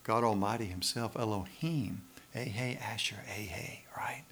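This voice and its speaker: A man's voice: on the low side, measured pace, fairly bright tone, a little hiss or hum. A man preaching a sermon, building emphasis and tossing in frequent questions to the congregation. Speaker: pastor.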